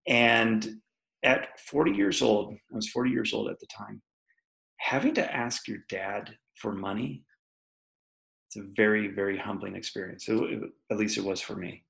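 Male podcast guest, candid storyteller, gravelly voice, laughs often. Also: lowish voice, normal speed, a bit bright, poor audio. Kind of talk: personal storytelling in an interview.

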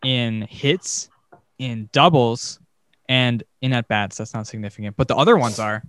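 A man's voice: medium pitch, measured pace, a bit bright, clean tone, no echo, clean studio sound. A man co-hosting a casual sports podcast, talking emphatically and ranting. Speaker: podcast co-host.

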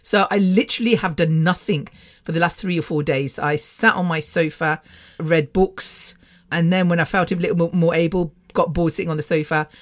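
A woman's voice: lowish voice, fairly even intonation, moderate pace. A middle-aged British woman hosting her podcast, telling a personal story in a rambling, chatty way and laughing often. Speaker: podcast host. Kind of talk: casual personal monologue.

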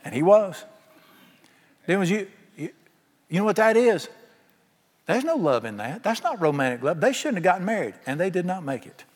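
A man preaching in a folksy storytelling way, acting out both sides of every conversation. His voice sits a little high for a man. The sound rings with the long reverb of a large hall. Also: very animated, moderate pace, pauses often. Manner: folksy storytelling, acts out quoted dialogue. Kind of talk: sermon.

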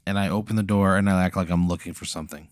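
Deadpan man playing along. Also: sits low, racing, no echo, studio quality. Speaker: player. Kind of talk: casual game play.

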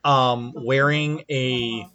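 A man's voice: mid-range voice, fairly even intonation, very slow, sharp tone, highs cut off, soft background music. A man narrating a tabletop role-playing game as game master, casual and filler-heavy.

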